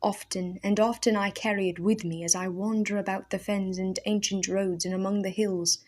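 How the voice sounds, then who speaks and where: A woman voicing a mad old male hermit who speaks in archaic, fervent bursts, from raging shouts to hushed awe. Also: mid-range voice, level tone, moderate pace, lightly acted. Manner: intense, archaic speech, shouting then hushed.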